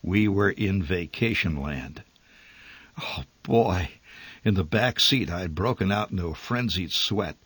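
Man, storyteller, humorous memoir reading, wry, dry delivery, low husky voice. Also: lively intonation, measured pace, a bit bright, no room sound. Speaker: narrator.

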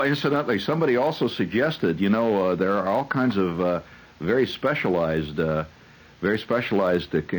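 A man's voice: deep voice, low-quality recording. A man who hosts on the radio, telling a rambling, wry comic monologue full of digressions and hesitations. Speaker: radio host.

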